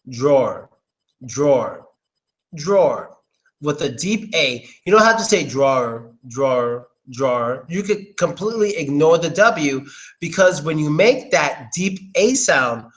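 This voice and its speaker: A man giving a casual, informal pronunciation lesson, slowly repeating words and swearing now and then. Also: on the high side, fairly bright tone. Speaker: English pronunciation teacher. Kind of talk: casual live-stream lesson.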